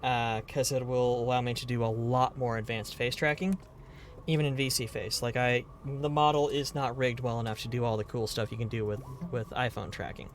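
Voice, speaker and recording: A man's voice: mid-range voice, level tone, moderate pace, slight background noise. Rambling, playful male streamer. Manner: rambling, playful, swears casually. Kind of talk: casual live-stream chat.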